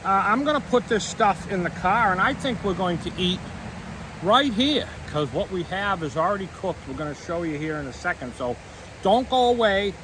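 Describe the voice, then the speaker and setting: A man's voice: high-pitched, expressive, fairly quick, hardly any pauses. A man hosting a casual outdoor vlog on a riverbank, chatty and rambling. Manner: chatty, rambling, self-correcting. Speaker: vlog host. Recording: distant outdoor mic with stream noise. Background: flowing stream and passing traffic.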